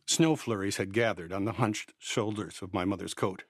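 A man narrating a first-person story in a measured, quietly tense way. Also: fairly low pitch, dry recording, studio quality.

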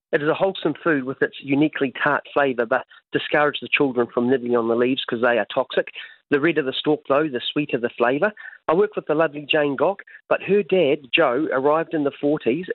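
A man's voice: medium pitch, no echo. A man with a New Zealand accent giving a produce market report on a phone-in radio segment, reading steadily from prepared notes. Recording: tinny phone line.

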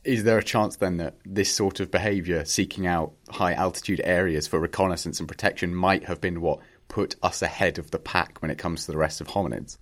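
Deep-voiced male interviewer. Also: fairly even intonation, a little fast, few pauses. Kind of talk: interview questions.

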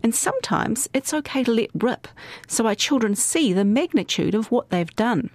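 A woman hosting and narrating a podcast in a measured, scripted way. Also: fairly high pitch, expressive, a little mellow, no echo. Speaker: host narrator.

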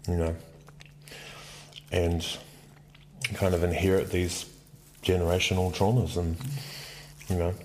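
Casting: man, 40s, very low voice, frank and loose, swears, rambles, faint background hiss. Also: little pitch movement, unhurried, long pauses, darkish tone. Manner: candid, swears freely, rambling with many "like"s. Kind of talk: casual podcast conversation.

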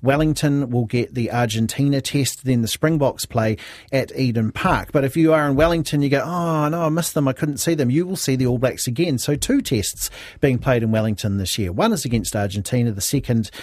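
A man's voice: brisk, a little mellow, no room sound, studio quality. A New Zealand man in his fifties, a sports commentator chatting casually on radio and acting out quotes in other voices. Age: 50s. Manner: chatty storyteller, acts out quotes with sudden high-pitched voices.

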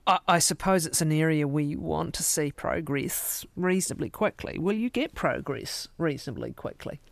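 A man's voice: fairly high pitch, expressive, moderate pace, gravelly, a bit bright, no echo. A man interviewing a guest, restating her points before asking probing questions.

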